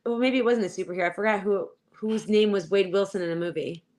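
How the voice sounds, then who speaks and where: A woman's voice: medium pitch, fast talker, darkish tone. A woman with a Chicago accent co-hosting a podcast, chatty and teasing. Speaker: podcast co-host. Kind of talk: casual podcast chat. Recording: clear background noise on the line.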